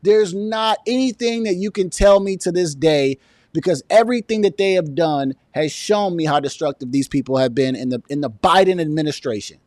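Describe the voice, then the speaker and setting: A man rants through a political commentary with a high-pitched voice. The sound is dry and close, with no room around it. He is indignant and sarcastic, piling one point onto the next. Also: moderate pace, a little mellow, no echo. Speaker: commentary vlogger.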